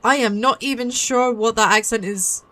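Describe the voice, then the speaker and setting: A woman's voice: fairly high pitch, moderate pace, pushed and bright, dry recording. A woman giving playful, chatty commentary as a VTuber playing a mystery game. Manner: chatty, playful, giggly asides. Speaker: VTuber streamer. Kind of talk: casual gameplay commentary.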